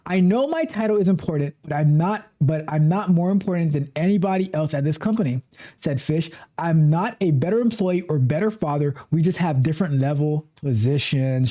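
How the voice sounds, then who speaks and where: A man with a mellow, warm voice hosts a livestream, reading an article aloud. He stumbles and restarts often and keeps breaking off into animated, chatty asides. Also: on the high side, moderate pace, a faint crowd, a little hiss or hum. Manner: animated asides, frequent restarts and repeated words. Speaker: livestream host.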